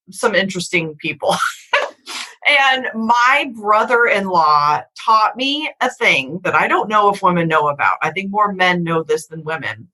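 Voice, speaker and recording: A woman's voice: mid-range voice, bright, forceful tone, rough recording. A middle-aged woman hosting a podcast, talking frankly and emphatically in a candid conversation, swearing casually. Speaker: podcast host.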